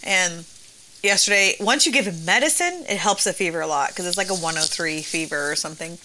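A woman's voice: fairly low pitch, expressive, fairly quick, pushed and bright, slight background noise, rough recording. A woman in her thirties co-hosting a casual chat, telling stories with sarcasm and frequent laughter. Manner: laughs often, sarcastic storytelling. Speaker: podcast co-host.

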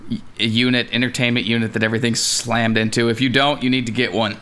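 Dry joking guy, bright voice, quick deadpan quips. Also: medium pitch. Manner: dry, teasing one-liners. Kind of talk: casual chat.

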